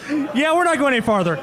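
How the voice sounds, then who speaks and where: Man, high voice, casual panel moderator with a quick joking manner. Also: background noise. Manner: joking, laughing, quick asides. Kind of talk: casual convention panel chat. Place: convention panel room.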